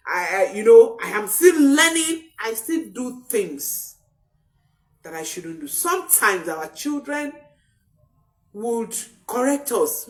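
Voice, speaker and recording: A woman coaches parents in an emphatic, animated voice that swings widely in pitch. She drives her points home by repeating them. Her voice sounds a little distant from the mic. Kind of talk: coaching talk to camera.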